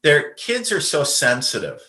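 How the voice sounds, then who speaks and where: A man's voice: on the high side, very animated, measured pace, sharp tone, roomy sound. A man, a podcast guest and medium, telling a personal story in a casual, rambling way with lots of fillers and restarts.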